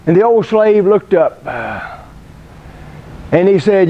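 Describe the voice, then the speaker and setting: A man preaching a sermon, telling a story with slow, deliberate pauses. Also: a little high, expressive, warm tone.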